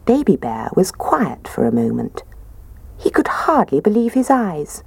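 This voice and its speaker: Low expressive woman reading a story. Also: a little slow, gravelly, husky, no room sound. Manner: expressive, gentle.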